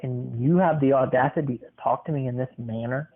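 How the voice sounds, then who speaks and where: A man's voice: mid-range voice, a little fast, close to an everyday voice. A man doing a pushy stranger on a tinny line. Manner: indignant, pressuring. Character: pushy adult male stranger asking for money. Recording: tinny phone-like sound.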